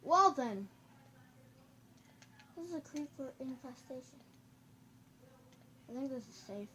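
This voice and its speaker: High, excitable goofy game commentator. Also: normal speed, slight background noise. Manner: goofy and excitable, with sudden loud outbursts. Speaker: gameplay commentator. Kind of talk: casual let's-play commentary. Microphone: camera microphone.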